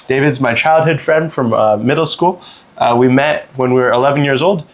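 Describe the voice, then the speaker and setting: A young man from Canada hosts a podcast, telling a long travel story in a loose, casual way. He fills pauses with "uh" and "like" and laughs easily. His pitch sits in the middle, neither high nor low. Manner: relaxed, lots of fillers and laughs. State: recovering from a cold. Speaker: podcast host. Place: indoors, on vacation.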